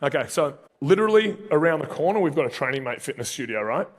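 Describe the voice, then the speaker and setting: A man with an Australian accent, giving an energetic, conversational motivational talk to a live audience and telling stories with asides to the crowd. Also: fairly high pitch, fast. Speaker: speaker at a live career event. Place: event venue, live audience. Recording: reverberant event hall.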